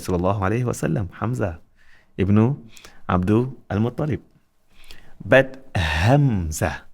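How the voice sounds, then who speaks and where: Man, lowish voice, patient alphabet teacher, slow deliberate repetition. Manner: patient, repeats letter names slowly, many restarts. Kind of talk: slow, deliberate tutorial instruction.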